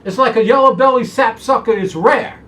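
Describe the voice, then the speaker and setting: A man with a very high voice talks fairly quickly as he hosts a horse racing preview from a studio. Folksy and worked up, he tells himself to simmer down, with soft jazz in the background.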